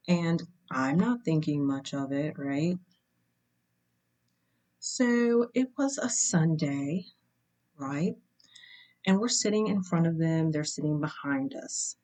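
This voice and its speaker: A young woman hosting her channel, telling a personal story in a casual, measured way and checking in with "right?" asides. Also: sits low, darkish tone.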